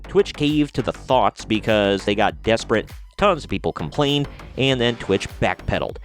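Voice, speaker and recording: A man's voice: fairly low pitch, expressive, normal speed, faint music behind. A man hosting a commentary video, reading out news articles and adding blunt, sarcastic remarks of his own. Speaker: commentary channel host.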